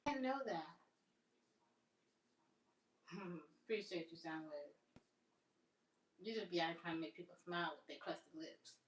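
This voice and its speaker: A woman's voice: fairly low pitch, a little slow, long pauses. A woman chatting casually on a live stream, rambling and amused by her own jokes. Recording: roomy, distant from the mic.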